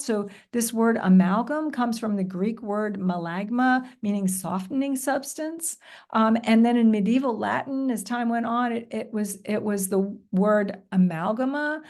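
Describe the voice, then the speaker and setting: With a voice on the high side and a darkish tone, a woman teacher trainer gives a recorded professional development presentation. She models patient call-and-response teaching, full of encouraging praise.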